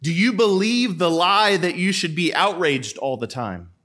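A man's voice: high voice, expressive, measured pace, fairly bright tone. A man, a priest, preaching a sermon in a church, asking rhetorical questions and repeating them for emphasis.

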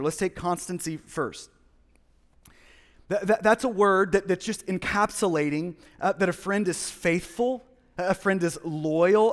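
An earnest man in his thirties preaching a sermon with a high voice. He repeats words and restarts his sentences as he goes. His voice carries a long reverb, as if from a large church hall. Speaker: pastor.

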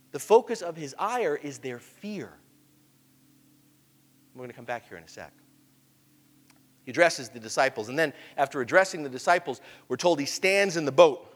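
Preacher, male, high-pitched, animated storyteller, sermon in a hall with a long echo. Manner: animated storytelling, swings between hushed and emphatic.

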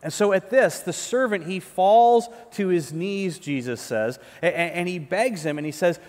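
A man's voice: high-pitched, moderate pace, few pauses, a little mellow. A male pastor delivering a conversational sermon, often restarting words and checking in with the listeners. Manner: conversational preaching, repeats words, often asks "right?". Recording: long reverb of a large hall.

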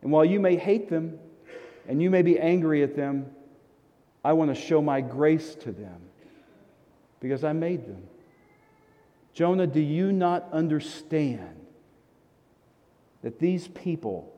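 A man preaching in a large hall speaks as a patient, compassionate God, with a calm and earnest appeal. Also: fairly high pitch, unhurried, pauses often, muffled recording. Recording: long reverb of a large hall.

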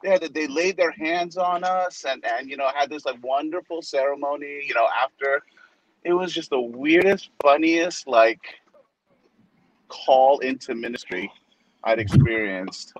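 A man's voice: a little high, a little slow, lo-fi sound. A male pastor in his forties telling a story in casual chat, acting out the voices of the people in it. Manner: animated storyteller who acts out quoted voices.

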